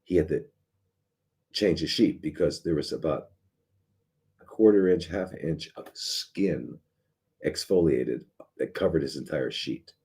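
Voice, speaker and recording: A man's voice: extremely low pitch, measured pace, long pauses, mellow, slightly rough. A middle-aged man, a doctor hosting a live show, talking casually in a sarcastic, rambling way with many restarts and fillers.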